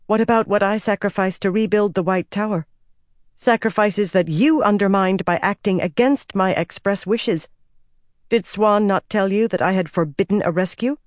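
A narrator voicing a young woman leader who speaks in a cool, measured and commanding way. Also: mid-range voice, darkish tone, no echo, studio quality, voice pushed up, close to an everyday voice. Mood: firm. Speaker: Amyrlin.

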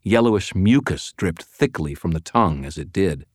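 Audiobook narrator, man, very low voice, dry close studio sound, even first-person storytelling. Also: normal speed, no room sound.

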